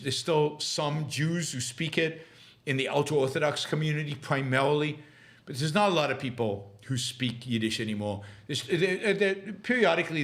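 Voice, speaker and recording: Middle-aged male host, live Q&A, argumentative, stumbles and restarts often, mid-pitched. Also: a bit bright. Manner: halting with many restarts and fillers, argumentative. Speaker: podcast host answering live questions. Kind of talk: livestream commentary and Q&A.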